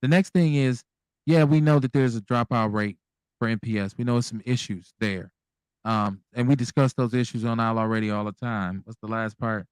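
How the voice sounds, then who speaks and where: Blunt, animated male radio host. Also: mid-range voice, moderate pace, clear, resonant tone, no room sound. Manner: candid, blunt, animated with profanity. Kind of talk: casual call-in radio talk.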